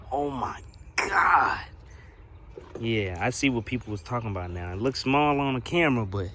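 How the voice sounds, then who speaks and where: A man's voice: medium pitch, a little hiss or hum. A young man giving a casual, slangy, profane unboxing commentary outdoors beside a car, filming on a handheld phone. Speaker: car audio vlogger.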